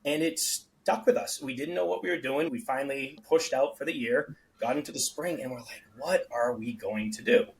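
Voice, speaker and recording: On a podcast, a man who founded a beverage company spins lively stories and voices the characters' quoted lines himself. His voice is a little high and creaky, he talks fairly quickly with few pauses, and the sound quality is poor.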